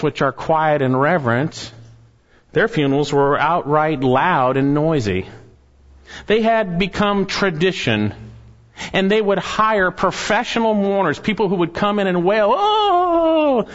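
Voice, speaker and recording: A man preaching an earnest expository sermon as pastor, rising to animated emphasis on key points. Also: sits high, a little slow. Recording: muffled sound with long hall reverb.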